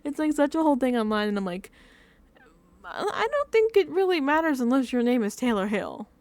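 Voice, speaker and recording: A recap vlogger delivers casual reaction commentary in a high, sing-song voice that runs fairly quick with a darkish tone. She's chatty and self-deprecating, rambling, repeating herself, and using plenty of fillers, on a dry recording.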